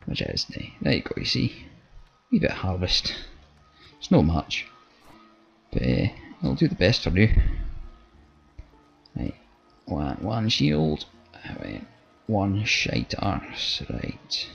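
A man's voice: sits low, huge pitch swings, slow pace, gravelly, a bit bright. A man with a Scottish accent doing let's play commentary, blunt, sweary and joking. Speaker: gaming channel host. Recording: slightly dull audio with faint game music.

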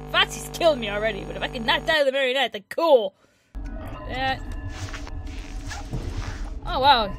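Excitable high-voiced young woman gamer. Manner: excitable, shrieks and chatters while playing. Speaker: let's play host. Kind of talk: excitable gameplay commentary. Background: game music.

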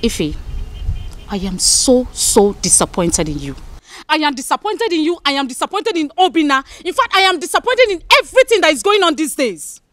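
An indignant young woman with a Nigerian accent, scolding her friend in exasperation. Her voice sits high and swings widely in pitch as she lectures. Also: sing-song, normal speed, a bit bright. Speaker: friend confronting another woman. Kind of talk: film drama acting.

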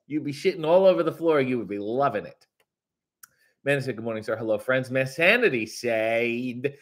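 A medium-pitched man runs a laid-back live stream, switching to a brighter, louder voice to read viewers' comments aloud before tossing back crude, sarcastic remarks in a mock-grumpy tone.

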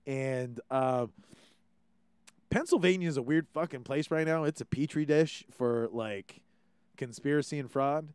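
A man's voice: mid-range voice, unhurried, darkish tone, smooth, no echo. Young Hawaiian male host, clean voice with a dry close sound, loose and profane. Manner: rambling, ranting, swears freely. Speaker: podcast host. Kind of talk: casual monologue.

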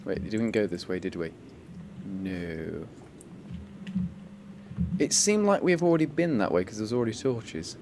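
A man chatting casually while playing a game, easily startled and quick to exclaim. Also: on the low side, expressive. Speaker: gamer. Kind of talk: casual let's-play chat. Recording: faint background noise.

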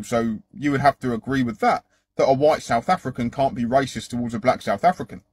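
A man argues his point in a lecturing, rhetorical way. His voice is husky, and the sound is dry and close with no room to it. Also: medium pitch, no echo. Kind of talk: argumentative monologue to camera.

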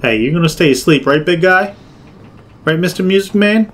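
A man giving loud, jokey game commentary, swearing and yelping in fright as he plays. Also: high voice, animated, moderate pace, a little hiss or hum. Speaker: gaming video creator.

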